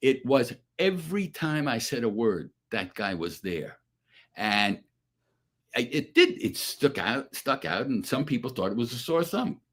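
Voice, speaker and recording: An older man, an actor guest, telling animated, profane stories and acting out the quotes in casual chat. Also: medium pitch, a little slow. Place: radio studio or remote call.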